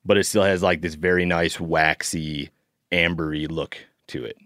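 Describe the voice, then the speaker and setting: A man with a very low voice chats on a podcast in an easygoing, descriptive way. The sound is dry and close, with no room around it. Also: fairly even intonation, moderate pace, a bit bright, no room sound. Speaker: podcast co-host. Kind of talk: casual podcast chat.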